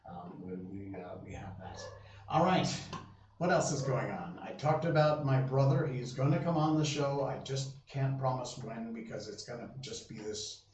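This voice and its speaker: A man's voice: mid-range voice, normal speed, a little mellow. A man hosting a live stream, chatting casually with viewers in a rambling way full of fillers and restarts. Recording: roomy sound, voice from a distance, faint hum.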